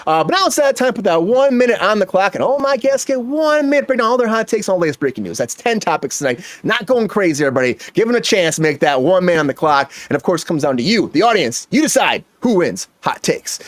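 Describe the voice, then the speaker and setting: Male show host, quick and animated delivery, dry close sound; hypes up the news. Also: sits high, no room sound. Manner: energetic, hypes up breaking news. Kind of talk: comedy entertainment news chat.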